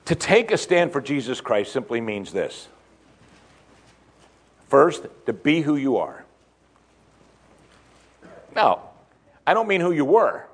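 A man preaching a sermon to his congregation, asking them questions and building to emphatic, excited peaks. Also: medium pitch, slow, pauses often. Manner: asks the congregation direct questions. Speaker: pastor.

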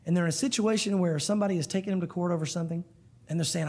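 A man's voice: sits high, very fast, a little mellow. A man preaching a sermon to a room of listeners, earnest and emphatic, often calling them guys. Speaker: pastor. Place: church room.

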